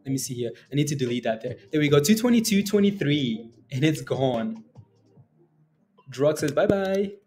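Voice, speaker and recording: Over music, a man with a medium-pitched, animated voice speaks at normal speed. Hosting a day-trading livestream, he rambles casually while reading the chat, using lots of fillers and short laughs.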